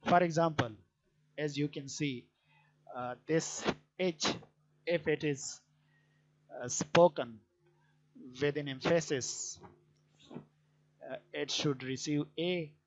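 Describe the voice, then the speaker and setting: A man gives an explanatory grammar lecture in a slightly high voice. He talks very slowly and deliberately, pausing often on hesitant fillers. The recording sounds a little dull and lo-fi. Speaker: English teacher.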